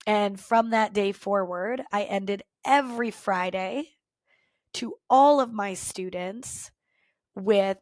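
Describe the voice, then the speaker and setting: Woman, podcast host, earnest and reflective, mid-pitched voice, pauses to think, close dry recording. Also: no room sound. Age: former teacher, adult. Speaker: podcast host and culture coach. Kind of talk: personal storytelling to listeners.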